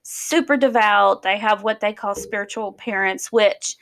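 A woman's voice: medium pitch, measured pace, a bit bright. A woman co-hosting a casual podcast, recapping a documentary in a conversational way with asides. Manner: conversational, explains with asides and fillers. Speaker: podcast co-host. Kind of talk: casual chat reviewing a documentary.

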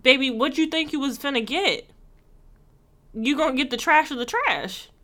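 A woman's voice: high voice, moderate pace, fairly bright tone. A woman co-hosting a podcast, chatting casually with sassy, joking asides. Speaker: podcast co-host. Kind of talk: casual chat.

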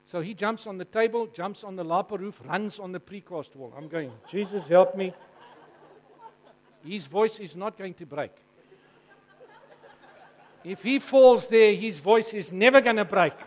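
A man with a South African accent preaching to a congregation. He tells stories in an animated, jokey way and keeps asking the audience questions. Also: high voice, normal speed, low-quality recording. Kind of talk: storytelling sermon to a live congregation.

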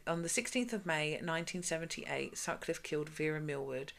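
A woman hosting a podcast, reading crime case notes in a brisk, matter-of-fact way between casual chat. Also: low-pitched, animated, vocal fry, a bit bright. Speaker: podcast host.

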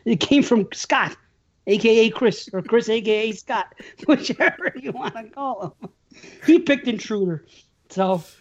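A man's voice: high voice, lively intonation, normal speed. A man co-hosting a casual podcast chat, rambling, swearing casually and laughing often. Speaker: podcast co-host. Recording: dull lo-fi sound.

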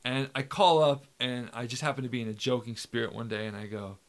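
A man hosting a podcast, chatting casually and telling an anecdote in an animated way, acting out the people in it. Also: medium pitch, fast talker. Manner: animated storyteller who acts out quotes. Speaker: podcast host. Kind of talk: casual chat.

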